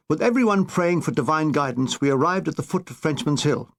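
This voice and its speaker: An older man reading his own comic memoir with wry, deadpan asides. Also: fairly high pitch, brisk, creaky, few pauses. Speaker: author narrating his memoir.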